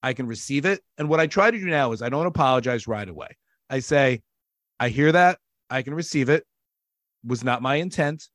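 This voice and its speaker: Emphatic, animated man in a dry room. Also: mid-range voice, brisk, dry recording. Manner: animated, talks over others, emphatic. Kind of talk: casual conversational interview.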